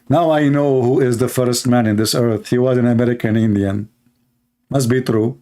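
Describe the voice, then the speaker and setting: Sarcastic male commentator, non-native English, mid-pitched voice that leaps up for mocking outbursts. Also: fairly even intonation, normal speed, mellow. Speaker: online commentator. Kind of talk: screen-reading commentary.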